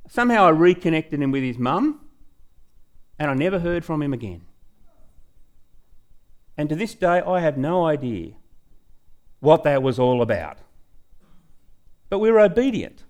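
Animated Australian man telling a story. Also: a little high, unhurried, long pauses. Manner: animated, chatty, trails off with "anyway". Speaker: speaker at a church talk. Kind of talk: storytelling testimony.

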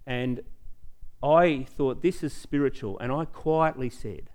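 A middle-aged man, preaching a sermon in a church and telling personal stories with growing excitement. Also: mid-range voice, takes it slowly. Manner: storytelling, animated, rising excitement. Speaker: pastor.

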